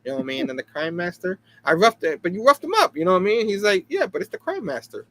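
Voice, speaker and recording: A comic book review show host with a high, lively voice that jumps all over the place chats casually on a relaxed talk show. He talks fast in a loose, animated way, laughs easily, and keeps checking in with "you know what I mean."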